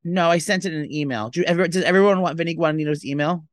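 This male podcast co-host gossips and dramatizes his way through a casual chat, talking quickly. His pitch is fairly high. The studio recording is clean, with no room sound.

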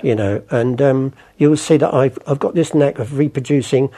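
He's an older man, a former art forger, whose gravelly voice is medium in pitch and dark in tone, delivered at a normal speed. He rambles through stories during an interview, acting out the voices of those involved.

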